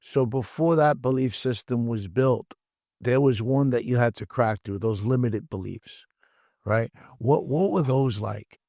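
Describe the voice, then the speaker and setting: A man's voice: medium pitch, measured pace, dark tone, no room sound, studio quality. A man hosting a podcast, asking questions and affirming his guest in a reflective way, with some stammered restarts. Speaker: podcast host. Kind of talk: conversational interview.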